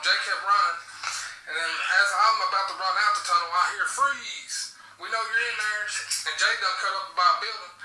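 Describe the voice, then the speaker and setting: Laughing man, bright, roomy. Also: high-pitched. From southwest Virginia. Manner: crude, laughing storyteller. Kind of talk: casual chat. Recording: roomy, distant mic, faint hiss.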